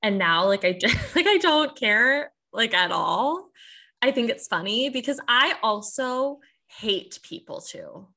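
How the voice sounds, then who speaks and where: A young woman with a Midwestern accent chats casually as a podcast guest. Her voice is bright and nasal, and her sentences keep rising at the end, full of "like". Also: fairly high pitch, sing-song, slow. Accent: Midwestern American. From Midwest United States. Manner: nasal, rising endings, lots of "like". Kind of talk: casual chat.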